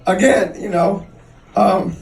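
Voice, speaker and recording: A man doing a stand-up comedy set, telling crude stories with an animated delivery and squealing into high voices for other people. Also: slow pace, creaky, faint music behind. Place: comedy club stage. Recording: roomy club sound, mic a bit distant.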